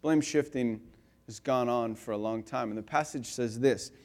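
A male pastor giving a conversational sermon, telling stories with lively swings between loud and quiet and filling his talk with "like" and "you know.". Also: medium pitch, moderate pace. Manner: animated storyteller, swinging between loud and soft; casual, with frequent "like" and "you know".

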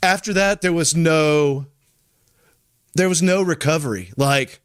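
A man's voice: fairly high pitch, a little slow, smooth, dry recording, studio quality. A man in his forties, a podcast host, casually telling a story and swearing freely as he acts out what people said.

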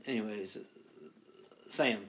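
A man co-hosting a podcast in casual chat, offhand and low-key. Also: takes it slowly, fairly bright tone. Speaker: podcast co-host. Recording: noisy podcast recording.

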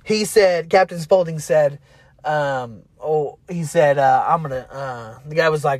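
A man's voice: fairly high pitch, takes it slowly, no echo. A young man casually retelling a movie he loves, rambling with many fillers and restarts and swearing freely. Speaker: movie fan retelling a film.

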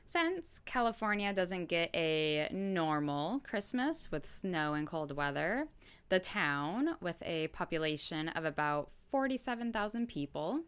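A woman hosting a podcast, telling a true crime story in a relaxed, casual way with lots of fillers and asides. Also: fairly low pitch, unhurried, clear, resonant tone.

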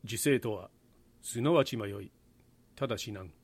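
A man voicing an old Japanese Zen monk, reciting slowly and gravely. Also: fairly low pitch, no room sound. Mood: solemn.

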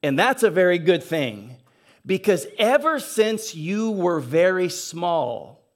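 A man, a pastor, preaching a sermon in church, telling a story and slowing down to stress key phrases. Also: high-pitched, very animated. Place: church sanctuary.

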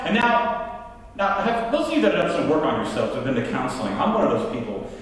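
A man in his forties delivering a storytelling sermon, raising his voice to act out his anger and dropping it to share what he learned. His voice sits fairly high and swings widely in pitch. He is recorded from a distance in a large hall with long, roomy reverb. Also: a little fast. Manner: animated, acts out his own anger in quoted lines. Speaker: pastor.

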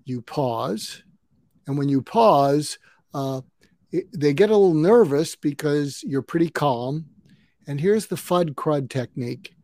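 A man in his seventies speaking in a somewhat high voice for his age, calm and explanatory. He walks through advice step by step and acts out little exchanges. The sound is close and dry, with hardly any room around it. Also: slow pace, dry recording. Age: 70s. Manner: calm, advice-giving, acts out sample dialogue. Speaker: conflict coach. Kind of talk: podcast interview guest.

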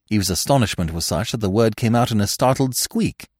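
A man narrating a classic story with an expressive reading. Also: sits low, normal speed, few pauses, dry recording, clean studio sound. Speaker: podcast narrator. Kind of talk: scripted narration.

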